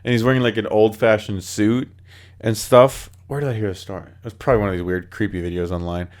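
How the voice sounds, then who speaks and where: A man's voice: fairly low pitch, steady tone, quick pace, a little mellow. A man hosting a podcast, telling spooky stories in casual chat, acting out the voices of people in them and using lots of filler words. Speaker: podcast host.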